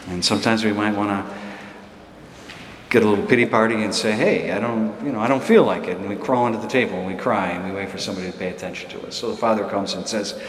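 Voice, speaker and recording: A man's voice: lowish voice, fairly even intonation, quick pace, a little hiss or hum. A man giving a homily in a conversational, storytelling way, chuckling now and then. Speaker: priest. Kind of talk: sermon. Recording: echoey church hall.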